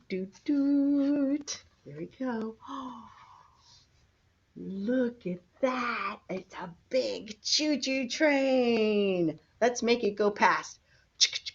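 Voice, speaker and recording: The recording is muffled as an older woman, a grandmother, reads a picture book to small grandchildren. Her mid-range, fairly bright voice takes on a coaxing, sing-song quality.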